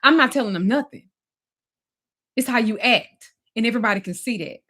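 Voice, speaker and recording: A woman putting on the voice of her resentful older male partner, loud and accusing. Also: mid-range voice, animated, rapid-fire, breathy edge.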